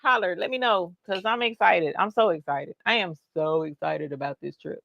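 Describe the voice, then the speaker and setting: A woman's voice: fairly low pitch, normal speed, vocal fry, highs cut off. A woman hosting a casual livestream, reading the chat out and cheering for her viewers. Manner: bubbly, squeals and cheers at viewers.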